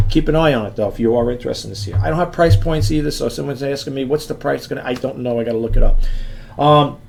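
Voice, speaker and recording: A man with a gravelly, mid-pitched voice talks viewers through a gadget in a loose, rambling way. He keeps restarting sentences and drifts off-mic now and then as he handles the item. A faint background hiss sits under the recording. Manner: rambling, chatty, often restarts sentences and addresses viewers as folks and guys. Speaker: eBay seller vlogger. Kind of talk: casual product demo to camera.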